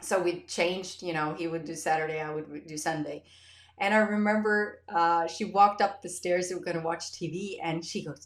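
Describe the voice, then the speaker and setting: A woman's voice: lowish voice, moderate pace. Effusive woman host in a roomy space. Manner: effusive, storytelling with animated quoted voices. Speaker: podcast host. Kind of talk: casual interview chat.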